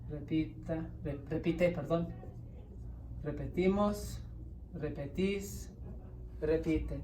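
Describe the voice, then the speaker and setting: A woman teaching a Spanish grammar lesson, explaining step by step and often checking in with "right?". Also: medium pitch. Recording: roomy echo, distant mic, faint hiss.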